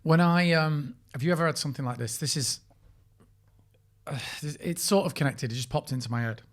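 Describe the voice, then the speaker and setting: A man's voice: fairly high pitch, brisk. Middle-aged british bloke on a podcast, rambly, restarts a lot, swears when he gets going. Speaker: podcast co-host, actor. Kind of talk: casual chat.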